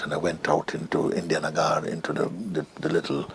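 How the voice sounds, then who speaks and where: A man's voice: a bass voice, monotone, fast talker, vocal fry, fairly bright tone, a little hiss or hum. A middle-aged man recounting a personal story as an interview guest, reflective and hesitant, sometimes dropping to a whisper. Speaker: interview guest, spiritual teacher.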